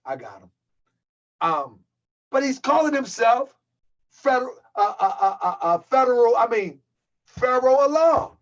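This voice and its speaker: A man's voice: extremely high pitch, very animated, a little slow, long pauses, muffled recording. A man hosting his own channel, delivering a heated, mocking rant and calling his viewers family. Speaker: channel host. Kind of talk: livestream rant.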